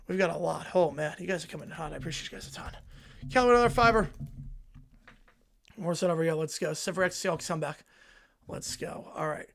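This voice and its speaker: A young man hosting a football reaction livestream from his home desk, reading viewer messages aloud in an excited, rambling way. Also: high voice, gravelly. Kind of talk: live stream chat reading donations. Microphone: desk mic with headphones.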